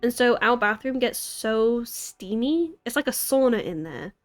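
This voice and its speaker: A young American woman in her twenties chats casually on a live stream from her city apartment, rambling, giggling, and poking fun at herself. Her slightly high voice has lively intonation and an unhurried pace, picked up by a desk mic over soft background music.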